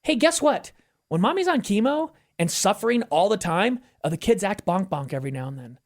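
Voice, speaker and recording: A middle-aged man, a guest on an interview show, talking candidly and with feeling, with emphatic swings in pitch. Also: brisk. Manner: animated storyteller who acts out quoted voices. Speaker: podcast guest. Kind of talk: conversational interview.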